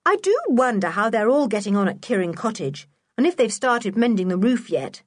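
A woman reading a children's storybook, voicing a brisk, bossy schoolboy in a raised voice. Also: a little high, sing-song, no room sound, studio quality, voice pushed up.

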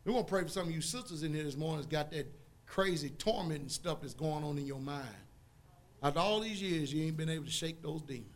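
A man preaching a sermon in a folksy, emphatic way, drawing call-and-response from the congregation and rising to loud outbursts. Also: a little high, fast.

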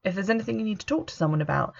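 A woman voicing an older female form tutor who talks calmly and patiently. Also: mid-range voice, rapid-fire, creaky, voice pushed up. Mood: gentle. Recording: dull lo-fi recording.

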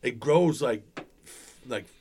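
Animated, cursing man telling road stories. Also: medium pitch, slow pace, slightly rough. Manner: animated, profane, gets loud telling stories. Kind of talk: casual podcast chat, storytelling.

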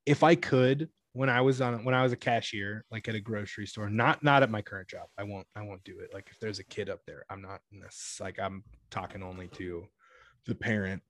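Chatty young man telling cashier stories. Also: a little fast. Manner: rambling, many "like" fillers and self-corrections; acts out quotes with jumps in pitch and laughs. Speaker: podcast guest telling work stories; retail cashier. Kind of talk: casual storytelling chat.

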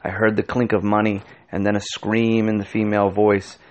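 A man giving a measured, scripted audiobook narration. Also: on the low side, monotone, a little mellow.

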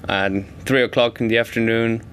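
A man's voice: mid-range voice, steady tone, normal speed, fairly bright tone, a little hiss or hum. A man telling an anecdote in an interview, stumbling and repeating words.

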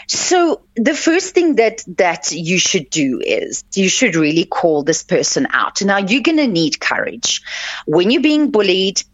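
A medium-pitched woman with big swings in her intonation talks unhurriedly on her radio coaching show. As a life coach and host she offers heartfelt advice, repeating points for emphasis, in a dry, dull lo-fi recording with no room sound.

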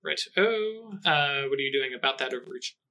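A man's voice: medium pitch, expressive, moderate pace, bright, forceful tone. A man running a tabletop game as game master, explaining rules with many fillers and restarts.

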